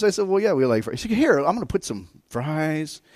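A middle-aged man preaching a sermon as a guest preacher, telling stories and swinging between hushed and loud, excited delivery. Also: a little high, fast, no room sound, clean studio sound.

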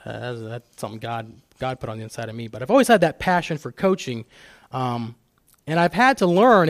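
A middle-aged guest speaker at church, his mid-range voice recorded dry, shares personal stories in a talk on fatherhood. He frequently stops and restarts his sentences.

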